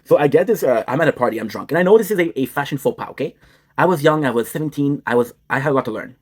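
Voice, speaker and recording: A man's voice: medium pitch, animated, rapid-fire, husky. A young man streaming, joking crudely and rambling as he switches between English and French. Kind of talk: casual joking chat.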